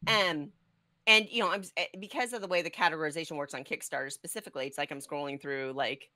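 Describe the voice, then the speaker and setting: Rambling woman co-host, bright lowish voice. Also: fast talker, dry recording. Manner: rambling, conversational, many fillers. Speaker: podcast co-host. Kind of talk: casual chat about board games.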